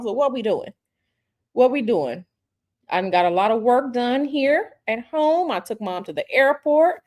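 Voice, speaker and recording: A woman hosting a casual livestream chat at home, reading viewer comments in a teasing, chatty way that hints at gossip and often repeats herself. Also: high-pitched. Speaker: livestream host.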